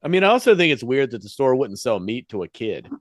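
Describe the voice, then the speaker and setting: A man's voice: mid-range voice, big pitch swings, fast, dry recording, studio quality. A man co-hosting a podcast, chatting casually and adding short, wry reactions. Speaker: podcast co-host. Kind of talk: casual chat.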